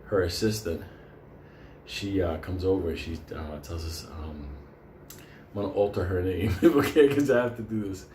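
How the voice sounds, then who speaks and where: A man's voice: low-pitched, normal speed, darkish tone. A man telling a story casually, swearing constantly and chuckling between lines. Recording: roomy with faint background noise.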